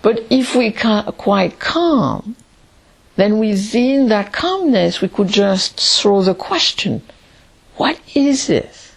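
A woman teaching Zen meditation in a calm, reflective way, pausing often between phrases. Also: mid-range voice, gravelly, husky. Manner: slow, calm and reflective, with long pauses.

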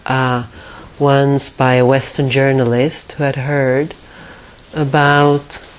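A woman with a low voice gives a spiritual teaching talk. She speaks slowly and reflectively, with frequent pauses between her phrases. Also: poor audio. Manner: measured and reflective, with many pauses. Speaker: meditation teacher.

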